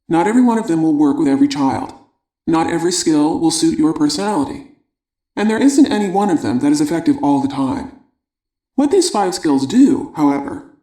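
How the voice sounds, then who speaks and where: Man, audiobook narrator, measured instructive reading, roomy echo. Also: a little high, warm tone.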